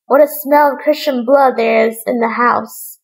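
A woman voicing a roaring, heartless male giant in a read-aloud fairy tale, with a gruff, booming delivery and a gravelly tone. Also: steady tone, unhurried, poor audio.

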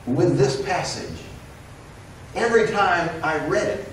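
A man preaching a sermon in a conversational, storytelling way, acting out the voices in his story. His voice sits a little high and comes from some distance off the mic. The church around him rings with heavy echo and a faint hum of room noise. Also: takes it slowly. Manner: conversational, animated storytelling with quoted dialogue. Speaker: pastor. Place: church sanctuary. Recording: roomy echo, recorded from a distance.

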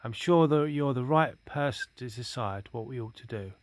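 A man's voice: mid-range voice, moderate pace, slight background noise, lightly acted. A man reading as a hesitant polite young rabbit. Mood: earnest. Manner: hesitant, respectful.

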